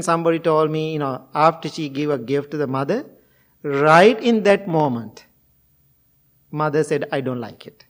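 A man giving a gentle, sermon-like talk, telling a moral story in simple, non-fluent English. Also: on the high side.

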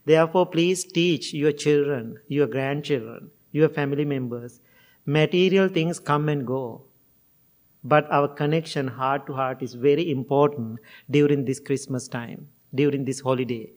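A man giving a gentle, sermon-like talk, telling a moral story in simple, non-fluent English. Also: a little high, a little slow.

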